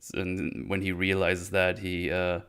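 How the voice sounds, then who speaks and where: Male streamer, low-pitched and smooth, rambling and unhurried commentary. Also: completely flat delivery, a bit bright. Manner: rambling, hesitant, thinks aloud. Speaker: streamer reviewing a TV show. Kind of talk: casual livestream commentary.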